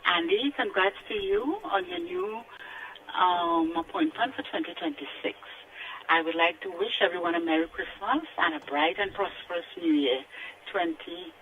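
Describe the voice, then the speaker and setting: A woman's voice: fairly low pitch, animated, moderate pace, narrow, tinny audio. A woman calling into a radio show, formally reading out greetings and thanks. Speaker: caller.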